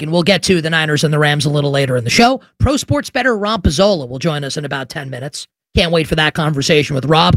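A man's voice: on the high side, fairly bright tone, no room sound, studio quality. A man hosting a sports radio show, ranting emphatically and sarcastically, throwing out rhetorical questions. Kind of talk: opinionated sports talk radio monologue.

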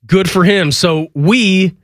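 A man's voice: high voice, takes it slowly, no room sound. A man in his thirties hosting a sports radio show in a studio, joking and laughing as he talks through a head cold. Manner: joking, animated, laughs often. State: congested from a cold. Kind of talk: casual sports radio banter. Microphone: studio microphone.

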